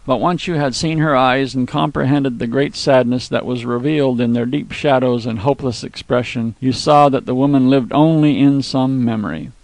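A man narrating a classic short story in a measured, steady way. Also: medium pitch, no room sound.

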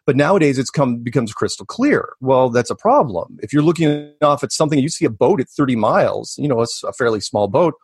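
A man being interviewed as a guest, talking casually in a rambling, animated way with many restarts and asides. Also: medium pitch, fairly quick, few pauses, breathy edge, dry recording, studio quality. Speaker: podcast guest.

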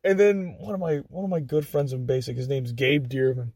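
Here a young man speaks in a mid-range voice with a breathy edge, brisk and barely pausing, recorded dry. Guesting on a podcast, he spins casual, foul-mouthed stories and performs what others said with plenty of energy.

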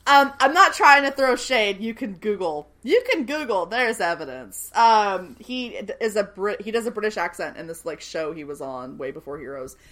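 A young woman casually recapping a TV episode, animated and swearing freely as she acts out the characters' lines. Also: medium pitch, moderate pace, hardly any pauses. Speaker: podcast co-host recapping a TV show. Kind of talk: casual chat.

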